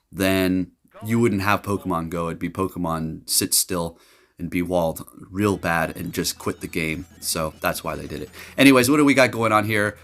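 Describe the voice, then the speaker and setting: A man giving casual, jokey commentary over his gameplay, getting loud and excited and laughing at his own jokes. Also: on the low side. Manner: animated, jokey, excitable, trash-talking. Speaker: gaming commentator.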